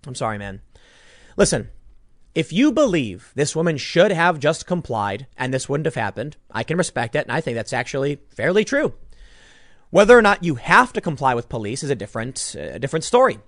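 A man's voice: a little high, very animated, brisk, dry recording, clean studio sound. A man giving an opinionated political commentary monologue, combative and sarcastic, restarting his sentences as he argues.

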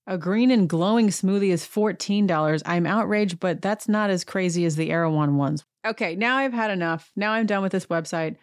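A woman's voice: fairly low pitch, normal speed, hardly any pauses, no echo, studio quality. A woman hosting a podcast, giving a chatty and wry recap of a TV episode. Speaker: podcast host. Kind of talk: casual TV recap monologue.

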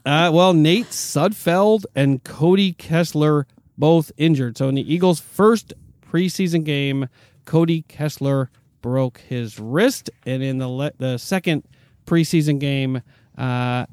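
A young adult man hosting a sports chat, reading team news haltingly with many fillers and repeated words. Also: a little high, a little mellow, no echo, studio quality.

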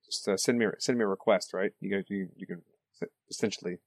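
Male podcast co-host, low voice, dry close sound, relaxed chatty storytelling. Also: fast talker, creaky, no room sound. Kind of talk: casual podcast chat.

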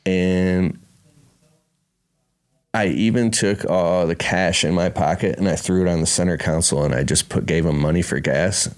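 A man's voice: low voice, steady tone, normal speed. A man telling a rambling, emotional personal story in casual speech, saying "bro" and "dude". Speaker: speaker at a business conference.

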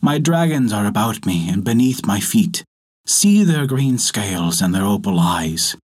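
A man voicing a stately goddess of the sea and of song, speaking low and slowly. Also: big pitch swings, darkish tone, husky, full character voice.

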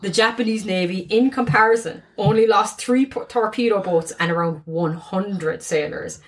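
A woman co-hosting a podcast, telling a history story in a chatty, giggly, animated way. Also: mid-range voice, normal speed. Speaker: podcast co-host. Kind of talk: casual storytelling chat.

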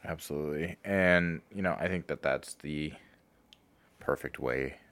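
A man with an extremely deep voice hosts a podcast in a relaxed way. His speech is loose and conversational, full of fillers. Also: a little slow. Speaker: podcast host, alumni director.

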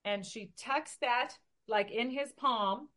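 Woman telling a lively personal story. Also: a little high, slow. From Oregon, USA. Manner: lively, animated storytelling with quoted voices. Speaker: interview guest. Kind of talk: storytelling in a casual interview.

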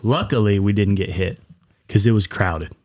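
A man co-hosting a podcast, telling a story in a lively, foul-mouthed way and acting out what others said. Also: lowish voice, moderate pace. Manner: animated, profane, acts out quotes. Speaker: podcast co-host. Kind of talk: casual storytelling.

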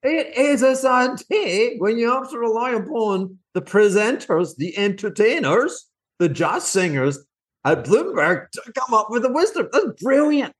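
A middle-aged male market commentator who talks with a mocking, cranky edge. His pitch sits a little high and swings widely as he jabs at what he is hearing, throwing in sarcastic asides. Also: animated, a little slow, fairly bright tone. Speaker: market commentator and former fund manager.

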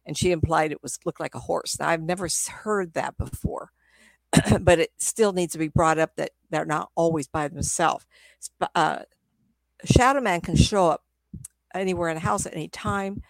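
A woman's voice: sits low, normal speed, gravelly, no echo. A middle-aged woman, a psychic medium, telling stories in a casual, rambling way, often laughing. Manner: rambling, laughs often, acts out quoted voices. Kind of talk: casual storytelling talk.

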